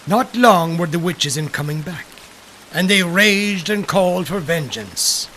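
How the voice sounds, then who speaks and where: A man reading folk tales aloud in a slow, dramatic storytelling manner. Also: on the high side, lively intonation, sharp tone, a little hiss or hum. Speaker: narrator. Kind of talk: scripted folklore narration.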